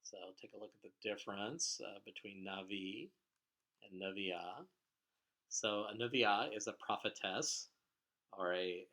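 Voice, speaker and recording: Male language teacher, lowish voice, patient explanatory lecture delivery with frequent uhs. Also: gravelly, sharp tone. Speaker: Hebrew teacher. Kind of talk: recorded vocabulary lecture.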